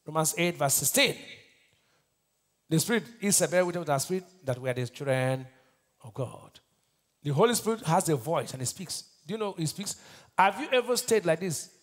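A Nigerian-accented pastor with a fairly high voice preaches briskly with lively intonation. He quizzes his congregation call-and-response style, swinging between loud declarations and hushed lines.

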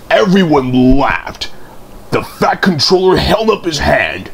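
A man reads a children's storybook aloud, slow and unhurried. His voice rises and falls with lively expression, and he tells the story with care. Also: fairly high pitch, creaky.

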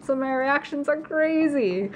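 A woman vlogging a card pack opening, gasping and gushing with excitement as she reads out each card. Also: sits high, unhurried, slight background noise. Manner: gasping, gushing, breathless exclamations. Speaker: YouTuber opening trading card packs. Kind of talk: excited unboxing vlog.

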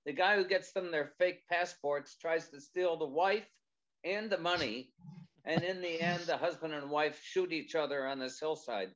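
A man, a screenwriter guest, describing a project in casual chat, halting and searching for words. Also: a little high, fairly bright tone. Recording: slightly dull lo-fi audio.

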